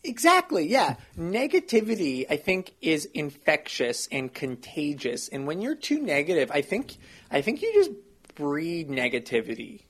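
A man playing a timid, slow-talking male deputy mayor in an improvised comedy, meek and eager to please. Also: fairly high pitch, wildly swooping pitch, fairly bright tone, slightly rough, full character voice. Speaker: improv guest.

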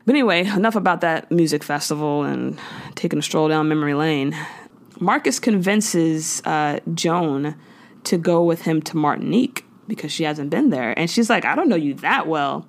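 Slangy woman recapping a show, lowish voice. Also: moderate pace. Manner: animated storytelling, slangy, acts out quotes. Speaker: podcast host recapping a sitcom. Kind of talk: casual chat.

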